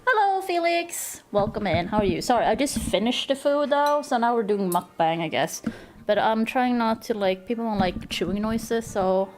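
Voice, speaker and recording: A woman streamer chatting casually at her home desk into a desk microphone, excitable, gushing thanks, laughing and swearing. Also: medium pitch, normal speed, a little hiss or hum. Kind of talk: casual live-stream chat.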